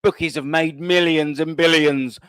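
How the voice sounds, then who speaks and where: A man's voice: a little high, normal speed, clean tone, dry recording. Blunt, sweary man on a live stream. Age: 30s. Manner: blunt, sweary, animated banter. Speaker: host. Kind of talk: casual live-stream chat reading viewer comments.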